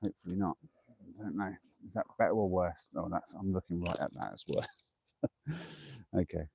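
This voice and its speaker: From England, a camping vlogger live-streams outdoors at night, chatty and self-deprecating as he talks through each task and huffs from the effort. His voice sits low and steady, gravelly and warm, moving at a quick pace. There's slight background noise.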